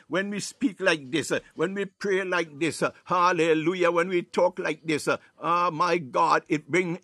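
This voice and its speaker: A man leading a live morning prayer broadcast, preaching fervently with frequent hallelujahs, stretches of speaking in tongues, and psalms recited slowly and loudly. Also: a little high, no room sound, studio quality. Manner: recites psalms slowly, rising to loud exhortation. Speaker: prayer leader.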